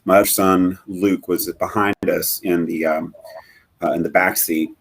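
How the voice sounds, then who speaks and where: A middle-aged man with a low, deep voice tells his own story as a guest on a live interview. His tone is husky and a little rough. He speaks earnestly but haltingly, stopping and restarting often, with plenty of ums. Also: steady tone. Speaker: guest, bereaved father.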